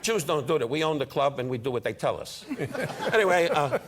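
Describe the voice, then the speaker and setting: A man's voice: a little high, big pitch swings, crowd noise. Brash older man firing off insults. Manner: brash, needling, rapid-fire put-downs. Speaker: guest comedian. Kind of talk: insult comedy banter on a talk show. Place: television studio. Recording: studio audience laughter, noisy broadcast.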